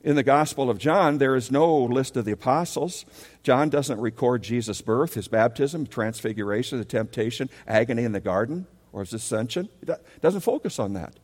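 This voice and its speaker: Male pastor mid-sermon, lively call-and-response delivery, long hall reverb. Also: mid-range voice, normal speed. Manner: animated preaching, leads congregation call-and-response.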